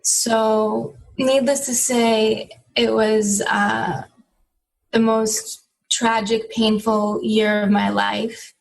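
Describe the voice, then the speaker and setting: Her voice sits on the high side but barely moves in pitch, and she speaks very slowly with a gravelly texture. She's a woman in her thirties on an interview podcast, reflectively recounting a personal story with frequent "you know"s. The audio is low quality.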